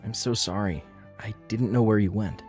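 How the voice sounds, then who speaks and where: A woman voicing a young husband who speaks in a deep, firm voice. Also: moderate pace, darkish tone, soft background music. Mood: apologetic. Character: protective young husband, low and stern.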